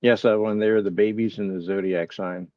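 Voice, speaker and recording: A man's voice: lowish voice, fairly even intonation, a little fast, no room sound, dull audio. A man hosting a casual live stream, musing aloud, reading chat replies and poking fun at his own confusion. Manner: bemused, self-mocking. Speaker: livestream host.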